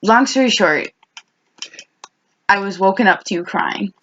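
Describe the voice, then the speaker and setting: A woman's voice: mid-range voice, expressive, measured pace, a bit bright. A young woman in her twenties co-hosting a podcast, chatting casually with her best friend, rambling with lots of restarts and quoted asides. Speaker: podcast co-host. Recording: dull lo-fi podcast audio.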